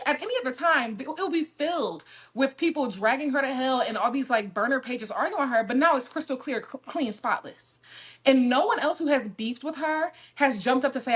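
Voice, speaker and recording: A woman in casual podcast chat, talking through her theories at length in an animated way. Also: sits high.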